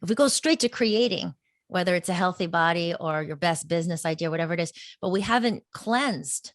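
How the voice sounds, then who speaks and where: A woman's voice: on the low side, brisk, no echo, clean studio sound. A woman speaking as a podcast guest and meditation teacher, talking earnestly in a flowing way and often breaking into laughs. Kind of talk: casual interview talk.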